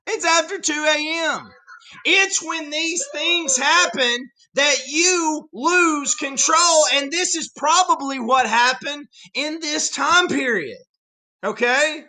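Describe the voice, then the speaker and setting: History teacher, lively storyteller, unhurried delivery with a bright tone. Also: high-pitched. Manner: animated storytelling, talks straight to viewers. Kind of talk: recorded history lesson.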